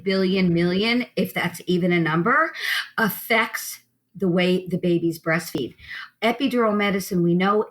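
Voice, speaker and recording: A woman lactation consultant and herbalist being interviewed, talking emphatically and telling vivid stories from her practice. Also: medium pitch. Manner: emphatic, animated storyteller who addresses the host by name. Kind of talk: interview conversation.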